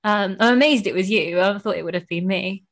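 A young woman talks warmly and excitedly on her podcast, her speech full of "like" and quick restarts. Her voice sits at a middle pitch, and she sounds emotional and chatty. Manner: gushing, emotional, heavy use of "like". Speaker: podcast host. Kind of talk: casual chat.

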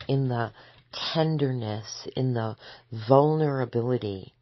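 Very slow gravelly woman, reflective. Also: a bass voice, dry recording, muffled recording. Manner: gentle, measured, drifts into soft whispers. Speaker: spiritual teacher. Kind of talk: slow reflective spoken essay.

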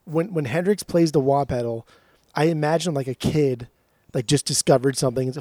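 A man on a podcast, chatting casually in an animated, teasing way and swearing freely. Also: mid-range voice, fast, no echo, clean studio sound. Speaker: podcast co-host. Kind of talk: casual chat.

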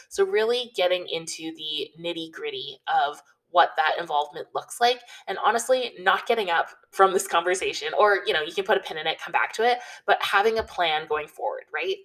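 Brief: woman, low voice, casual advice vlogger, chatty and filler-heavy, mic a bit distant. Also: brisk, few pauses. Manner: chatty and relaxed, with many fillers like "you know" and "like". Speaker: wedding planning advice vlogger. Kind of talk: casual advice talk to camera.

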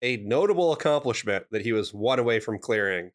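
A man's voice: lowish voice, animated, brisk. A man co-hosting a podcast, recapping episodes with dry humor and puns. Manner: dry, wry wordplay and explanations. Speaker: podcast co-host. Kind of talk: casual recap chat.

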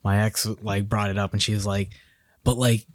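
A man co-hosting a podcast in relaxed conversation, talking in a hesitant, easygoing way. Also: lowish voice, brisk, no room sound, studio quality. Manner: hesitant, many fillers and restarts, easygoing. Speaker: podcast co-host. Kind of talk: casual podcast chat.

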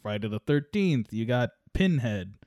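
A man's voice: medium pitch, moderate pace, no room sound, clean studio sound. A man back as a podcast guest, telling funny stories and laughing along in casual chat. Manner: animated storyteller, laughs at his own tales.

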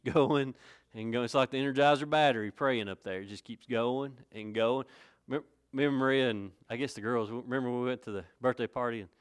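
A man's voice: mid-range voice, clear, resonant tone. A man preaching a sermon in a folksy, conversational way, rising to emphatic points. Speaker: pastor.

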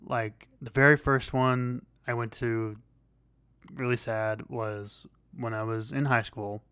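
A man co-hosting a podcast in casual chat, rambling and halting with many fillers and restarts. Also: medium pitch, steady tone, a bit bright, smooth, no echo. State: losing his voice. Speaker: podcast co-host.

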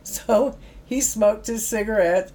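A woman's voice: medium pitch, slow, dark tone. A middle-aged woman, telling stories about her youth work in a chatty way, laughing now and then. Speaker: former youth project worker. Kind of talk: anecdotal storytelling.

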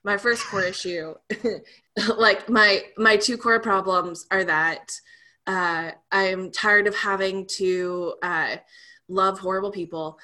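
Bright-voiced young woman, candid and chatty. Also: medium pitch, fairly even intonation, slow. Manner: candid, laughing, trails off with fillers. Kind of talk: casual podcast chat.

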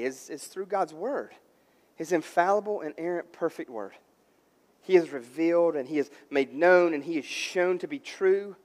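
High-voiced preacher in an echoing hall. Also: male voice. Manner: emphatic preaching, swelling louder and softer, repeated stammered restarts. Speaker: pastor. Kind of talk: sermon.

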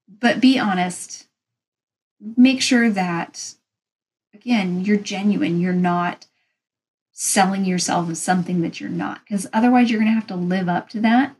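Woman vlogger, frank and chatty, average pitch, loose advice-giving delivery. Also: a little mellow, poor audio. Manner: candid, rambling, frank. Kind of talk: casual advice talk to camera.

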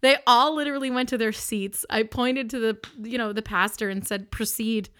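A woman with a bright, crisp voice hosts a podcast and tells a personal story close to her microphone. She speaks expressively and with emphasis, laughing often and restarting her sentences as she goes. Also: on the high side, fairly even intonation, fairly quick. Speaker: podcast host.

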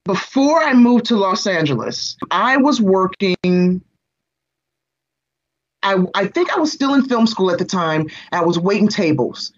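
A woman in her forties, an interview guest, telling a personal story in an expressive, animated way and speaking straight to the host. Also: mid-range voice, measured pace. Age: 40s. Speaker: guest, entertainment reporter and screenwriter. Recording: slightly dull lo-fi sound.

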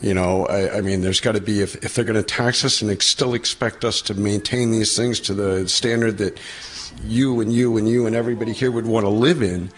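A man, a landlord, giving a halting public comment at a city council meeting and searching for his words. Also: lowish voice, fairly even intonation.

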